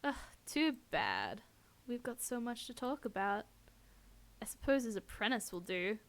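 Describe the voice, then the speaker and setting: Slow-drawling villain, sugary menace, voiced by a woman reading a visual novel. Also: a little high, huge pitch swings, gravelly, full character voice. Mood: sweetly menacing. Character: drawling menacing male stalker, sweetly threatening.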